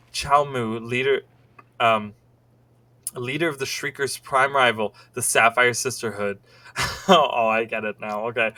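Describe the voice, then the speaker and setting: A man's voice: mid-range voice, sharp tone, no echo. A man streaming a game, reading in-game books aloud with casual commentary. He is amused, laughs and swears, and stumbles over words as he reads.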